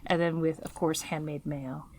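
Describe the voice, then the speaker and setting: A woman's voice: low-pitched, level tone, normal speed, a crowd in the background. A woman artist from the United States talking in a casual interview, musing and hesitant, trailing off as she thinks. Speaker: guest artist.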